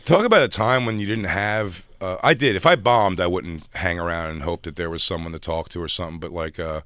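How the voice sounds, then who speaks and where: A man telling a long, animated story from his stand-up comedy days in casual chat, acting out other people's lines as he goes. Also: low voice, brisk, no echo.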